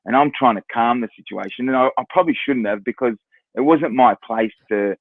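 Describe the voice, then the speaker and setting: Telling casual stories as a guest, this Australian ex-footballer repeats words and imitates what other people said. His mid-range voice runs a little fast, and the dry recording sounds narrow and tinny.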